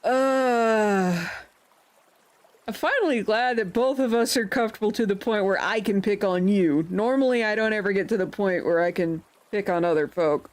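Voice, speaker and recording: A woman's voice: mid-range voice, brisk, hardly any pauses. Playful woman streamer chatting with viewers. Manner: playful, laughing, mock-indignant teasing. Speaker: livestreamer. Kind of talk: casual livestream chat.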